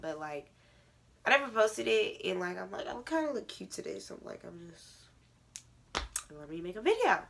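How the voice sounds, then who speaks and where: A woman's voice: fairly low pitch, creaky, a bit bright, slight background noise. A teenage girl vlogging a casual advice rant to camera, with a stuffy, congested nose, filling every phrase with "like". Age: teens.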